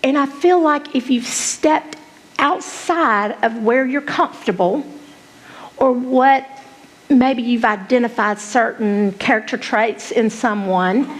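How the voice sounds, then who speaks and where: Candid woman, higher voice. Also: measured pace, rough recording. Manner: candid, emotional, blunt. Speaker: conference speaker. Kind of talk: personal testimony talk.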